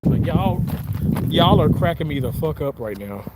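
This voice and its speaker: A man's voice: fairly high pitch, lively intonation, moderate pace, heavy background noise. A man hosting a casual livestream. He reads viewer comments in a crude, giggly, playful way. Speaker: livestream host.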